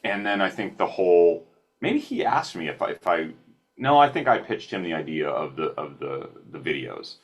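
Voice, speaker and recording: Man, deep voice, husky, podcast guest, casual storyteller, self-deprecating, restarts sentences. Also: big pitch swings, normal speed. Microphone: remote call.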